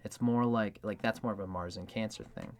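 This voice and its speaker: A man's voice: on the low side, steady tone, a little fast, a little mellow. A man hosting an astrology video, talking in a casual, rambling way with many filler words and acting out quoted lines. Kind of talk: casual explanatory monologue.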